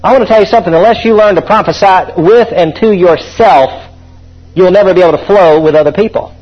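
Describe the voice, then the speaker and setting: A man's voice: high voice, brisk, slightly rough, lo-fi sound. A man preaching a sermon in a fervent way, calling out to his congregation.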